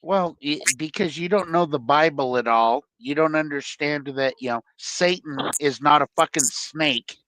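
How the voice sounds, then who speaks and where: A man's voice: a little high, moderate pace, few pauses, fairly bright tone, no room sound, rough recording. A man on a call-in stream arguing hotly in a group chat, swearing often. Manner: profane, argumentative. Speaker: guest.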